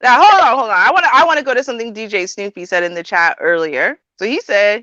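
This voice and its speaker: Bright, lively woman hosting a chat. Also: a little high, fast, few pauses, no echo, dull audio. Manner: animated, laughs often, presses questions. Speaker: host. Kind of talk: casual livestream chat.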